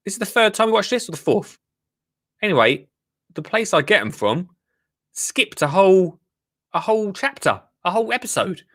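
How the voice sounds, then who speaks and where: A man's voice: sits high, big pitch swings, moderate pace, pauses often, a bit bright. A man hosting a live gardening show, chatting casually and rambling to his viewers. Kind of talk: casual live-stream chat.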